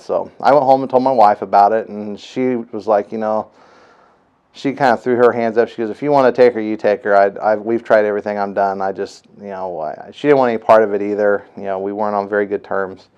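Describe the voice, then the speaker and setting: A dad telling his own story, smooth voice. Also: lowish voice, a little mellow, highs cut off. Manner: rambling, many fillers, retells others' words. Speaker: father giving a testimonial. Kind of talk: casual personal storytelling.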